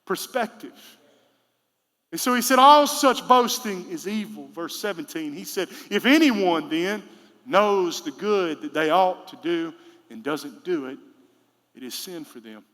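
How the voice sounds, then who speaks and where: Male pastor, thirties, high bright voice, reverberant church hall, casual sermon with loud bursts. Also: lively intonation, unhurried. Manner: conversational preaching with sudden loud emphatic bursts. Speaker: senior pastor. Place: church sanctuary.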